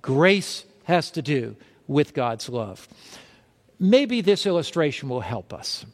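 A man's voice: fairly high pitch, big pitch swings, slow pace, in a large hall. A man preaching a sermon, emphatic, asking his listeners questions and answering them himself. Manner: emphatic, asks the crowd questions then answers.

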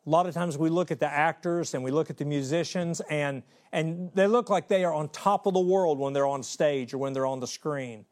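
A man preaching a sermon in an animated way, acting out voices and quoting scripture. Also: fairly high pitch, fairly quick, few pauses. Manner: animated, acts out voices and quotes.

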